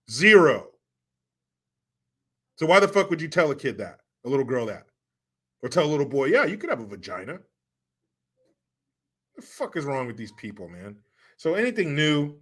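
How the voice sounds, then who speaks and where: A man's voice: medium pitch, a bit bright. Profane, sarcastic man ranting. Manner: profane, sarcastic, mocking impressions. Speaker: livestream host reading chat. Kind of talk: casual ranting commentary.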